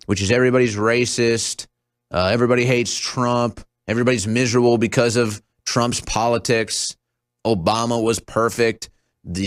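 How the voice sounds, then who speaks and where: Host, young man, mocking and scornful monologue, middle-pitched voice, hops from topic to topic. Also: no room sound, clean studio sound. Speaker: talk show host. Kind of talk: sarcastic political talk show monologue.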